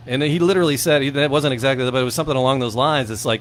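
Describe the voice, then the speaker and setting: A man from Michigan, co-hosting a casual podcast chat, telling stories with lively acted-out quotes. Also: medium pitch, racing, few pauses, slight background noise. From Michigan, USA. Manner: animated storyteller, acts out quoted people. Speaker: podcast co-host.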